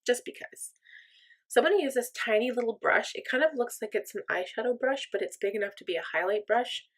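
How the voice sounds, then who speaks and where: A woman's voice: fairly high pitch, lively intonation, fast talker. A woman chatting casually through a makeup tutorial, thinking aloud and joking at her own expense. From mostly German, part Irish and Norwegian descent. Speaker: makeup vlogger.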